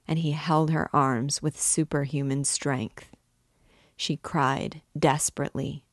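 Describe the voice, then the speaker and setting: A woman reading a classic novel aloud in a measured, expressive way. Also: low voice, no echo, studio quality. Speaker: book reader and guide.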